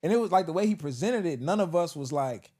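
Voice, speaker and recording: A man's voice: fairly high pitch, expressive, fast, darkish tone. Laughing man telling stories. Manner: laughs often, acts out quotes with rising voice. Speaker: podcast co-host. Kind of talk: casual storytelling chat.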